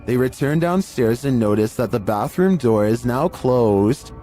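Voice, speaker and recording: A man giving scripted narration for a creepy video compilation in a measured, deliberate storytelling manner. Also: mid-range voice, dark tone.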